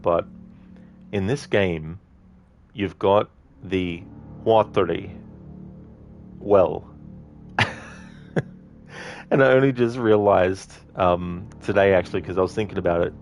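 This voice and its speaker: A man's voice: sits low, moderate pace, soft background music. A man giving casual, rambling commentary over a game playthrough, laughing often. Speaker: game streamer.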